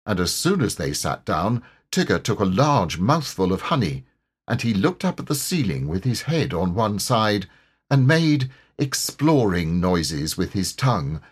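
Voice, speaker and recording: A man reads a children's storybook aloud at an unhurried pace. His fairly low voice has a husky grain and a lively, expressive rise and fall. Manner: expressive, measured. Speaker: audiobook narrator. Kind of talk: storybook reading.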